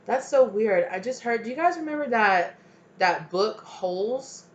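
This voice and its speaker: A woman's voice: fairly high pitch, lively intonation, measured pace, highs cut off. A woman giving a tarot reading, rambling with many fillers and voicing an imagined partner's pleas with feeling. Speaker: tarot reader.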